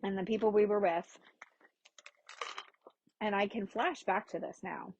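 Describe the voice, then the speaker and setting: A woman's voice: mid-range voice, fairly even intonation, measured pace, a little mellow, lo-fi sound, a little hiss or hum. Candid woman telling a personal story. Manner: candid, frank, swears casually. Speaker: podcast host.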